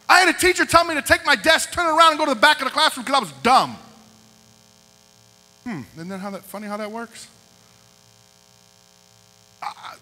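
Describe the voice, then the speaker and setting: A man's voice: very high voice, fairly quick, pauses often, pushed and bright. A man preaching as youth pastor, punchy and repetitive, directing a group in a large hall. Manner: punchy, repeats short lines. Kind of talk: youth service sermon. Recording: echoey hall with mains hum.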